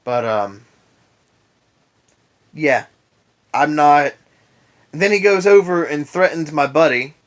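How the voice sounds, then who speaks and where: Speaking slowly and pausing often, the tired young man uses an expressive voice on the high side. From his bed at home, he vlogs a casual rant about his old boss, adding sarcastic asides.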